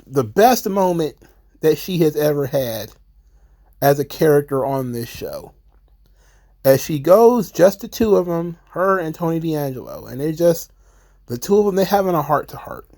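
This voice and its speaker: A man with a slightly higher-than-usual, gravelly voice talks through a wrestling episode in a loose, conversational recap. He slips in quick paraphrased lines for the characters as he goes, keeping it chatty and offhand. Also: darkish tone. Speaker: wrestling show reviewer. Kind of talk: casual commentary recap.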